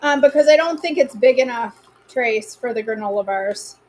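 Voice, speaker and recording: A woman's voice: fairly high pitch, normal speed, darkish tone. A woman with a Maine accent hosts a live cooking stream from her home kitchen. She chats casually and teasingly, answering viewers by name as she cooks.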